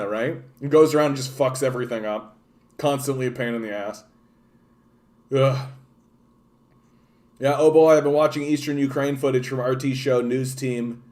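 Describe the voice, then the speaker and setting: A man's voice: mid-range voice, normal speed, a little mellow. Profane ranting Canadian man. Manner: profane, rambling, sarcastic. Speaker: podcast host. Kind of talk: ranting political commentary.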